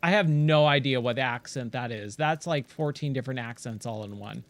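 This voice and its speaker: A man's voice: mid-range voice, moderate pace. A man streaming a video game, chatting casually and reading the on-screen text aloud. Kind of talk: casual let's-play commentary.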